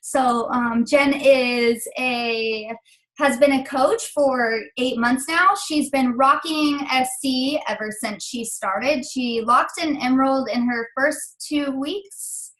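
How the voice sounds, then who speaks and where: A young woman speaks slowly in a high, somewhat bright voice, and the audio is poor. She's the team leader delivering a pep talk on a call, rambling with frequent fillers and close to tears as she encourages her team.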